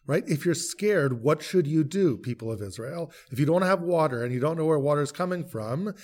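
A man who is a rabbi, leading a podcast text study with animated questions, reading verses and explaining them. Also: a little high, brisk. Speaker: rabbi and teacher.

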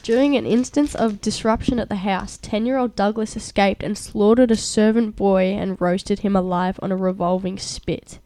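A woman's voice: mid-range voice, steady tone, dark tone. A young woman co-hosting a casual chat podcast, reading articles aloud with stumbles and giggles. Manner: reads aloud haltingly with stumbles, chatty and giggly. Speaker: co-host.

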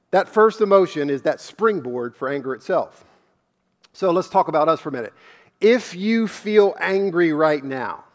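A man preaching a sermon as a pastor, earnest and searching, firing off one rhetorical question after another. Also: high voice. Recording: long hall reverb.

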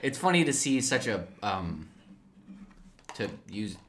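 Low-voiced laid-back male co-host. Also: sing-song, slow, a bit bright. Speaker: podcast co-host. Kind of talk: casual chat about films.

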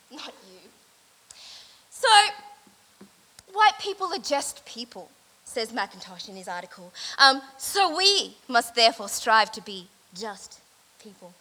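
A woman with a high voice delivers a deadpan, mock-earnest lecture, hedging with fillers. Her tone is bright and sharp as she speaks to an event crowd. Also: low-quality recording.

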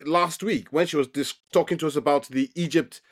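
A man's voice: a little high, steady tone, fairly quick. A man hosting a football podcast, often repeating words as he starts his questions. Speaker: host. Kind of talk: podcast sports discussion.

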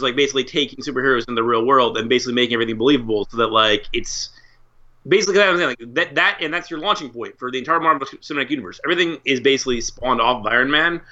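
Bright-voiced man ranting casually. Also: medium pitch, muffled recording. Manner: animated, swears freely, fast rambling opinions. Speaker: podcast co-host. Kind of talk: casual chat.

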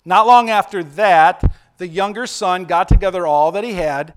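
A man's voice: sits high, moderate pace, clear, resonant tone. A male pastor preaching in a conversational way, often checking in with "right?" and playfully acting out quotes. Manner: conversational, keeps asking "right?", acts out quotes with playful voices. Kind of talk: sermon.

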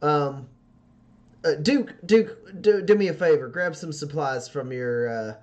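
A man voicing a weary male priest who calmly gives directions. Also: fairly high pitch, a little slow, lightly acted. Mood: calming. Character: weary male priest, calm town leader.

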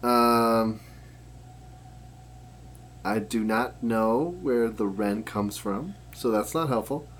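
Guy talking real slow, lots of ums, faint hum in the back. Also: on the low side. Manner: unhurried, hesitant with many "um"s. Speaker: podcast co-host. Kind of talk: casual chat.

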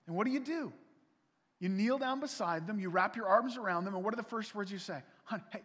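A man preaching a sermon as pastor, earnest and pleading, his voice swelling louder and then dropping soft. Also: high-pitched, brisk. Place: church sanctuary. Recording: long reverb from a church hall.

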